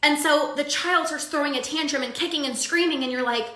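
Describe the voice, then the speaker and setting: A woman's voice: high-pitched, fairly quick, few pauses, pushed and bright, roomy sound. A young woman coaching her audience in a casual live-streamed talk, chatty with filler likes and everyday analogies. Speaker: binge eating coach.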